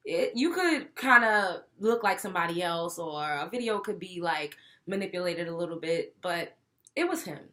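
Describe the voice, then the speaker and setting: A woman's voice: fairly low pitch, normal speed. A young woman, hosting a talk show and giving blunt, profane opinions. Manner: blunt, profane, animated, mimics others. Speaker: show host. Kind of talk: opinionated commentary.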